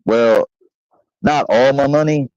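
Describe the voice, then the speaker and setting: Telling a long, profane story for his channel, a young man rambles casually, leaning on fillers and acting out quoted lines. His mid-range voice is slow with a darkish tone, and the home recording is dry and slightly dull with no echo.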